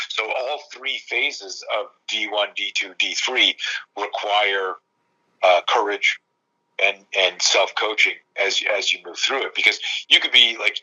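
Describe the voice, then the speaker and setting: A man in his fifties, a self-defense coach telling stories in casual conversation, animated and profane, acting out quoted dialogue. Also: lowish voice, dull audio.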